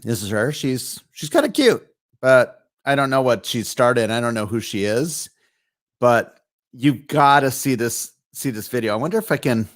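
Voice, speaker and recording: A man's voice: mid-range voice, expressive, moderate pace. A man hosting a live online show, talking casually with lots of fillers and restarts. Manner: rambling, chatty, with many fillers and restarts. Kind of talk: casual live-stream commentary.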